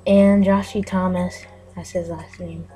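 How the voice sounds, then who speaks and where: A woman's voice: fairly low pitch, flat delivery, unhurried, mellow, a little hiss or hum. A woman giving casual, chatty commentary as she plays a game, often giggling. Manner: chatty and giggly, narrating aloud. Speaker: gameplay video host.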